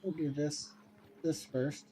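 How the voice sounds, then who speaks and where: A man's voice: fairly high pitch, slow pace, a little hiss or hum. Give me a man musing over his gameplay. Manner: thinking aloud, relaxed and rambling. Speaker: gamer streamer. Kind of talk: casual gameplay commentary.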